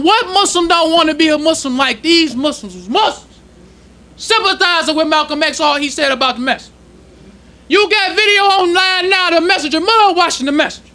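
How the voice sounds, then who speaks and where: A man preaches to his congregation in a strikingly high voice. His tone is bright and sharp, and his delivery is loose and conversational. He slows down deliberately whenever he reads a passage aloud. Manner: preaching in casual street-level speech, slowing to read quoted passages. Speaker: minister. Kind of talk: sermon teaching. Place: temple congregation hall.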